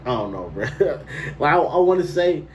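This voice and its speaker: A man's voice: a little high, sing-song, moderate pace, recorded from a distance, slight background noise, poor audio. A man telling a personal story to camera in a casual, slangy way, breaking into incredulous outbursts.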